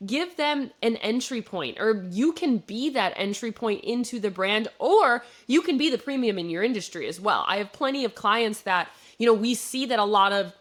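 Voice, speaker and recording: A young woman from Wisconsin with a Midwestern accent, hosting a business podcast and explaining marketing in a relaxed, conversational way with plenty of fillers. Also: on the high side, moderate pace, hardly any pauses. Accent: Midwestern American. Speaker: podcast host, marketing coach. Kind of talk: solo business podcast commentary.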